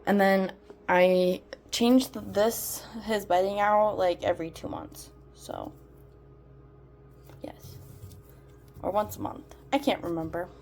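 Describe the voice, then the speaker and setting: A woman's voice: mid-range voice, fairly even intonation, a little slow, darkish tone. A woman chatting casually as she shows how she cares for her pet, with lots of fillers and cooing baby talk for the animal. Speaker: exotic pet keeper. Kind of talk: casual pet care vlog. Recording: background music.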